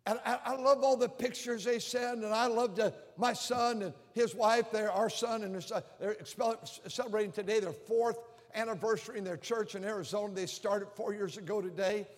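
A man's voice: high-pitched, fairly even intonation, normal speed, few pauses. An older man, a pastor, preaching a sermon with emphatic, repeated phrases in a church. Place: church sanctuary. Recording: long hall reverb.

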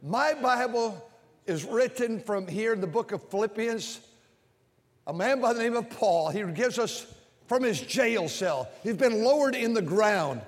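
High-voiced preacher shouting in a hall. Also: male voice, lively intonation, unhurried. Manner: impassioned, swings from shouting to quiet. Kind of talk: sermon. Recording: long hall reverb.

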